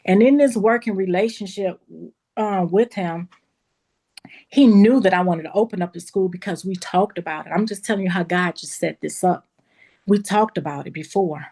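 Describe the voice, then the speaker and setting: A woman who owns a beauty school tells a personal story in a lively, casual way, talking straight to her listeners and acting out what people said. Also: medium pitch, normal speed. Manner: lively, acts out quoted dialogue in a raised voice; casual, addresses listeners as y'all.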